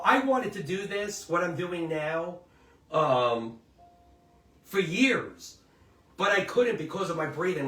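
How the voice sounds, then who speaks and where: A man's voice: on the high side, pushed and bright. A middle-aged man hosting a commentary show, telling stories in a casual, emphatic, rambling way and often asking listeners to agree. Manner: emphatic, rambling storyteller who seeks agreement. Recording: roomy, distant mic with faint music.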